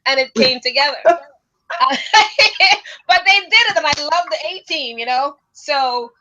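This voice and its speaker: A woman chatting casually on a spiritual talk show, animated and laughing as she talks. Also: high-pitched, measured pace, dull audio, a little hiss or hum. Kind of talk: casual chat.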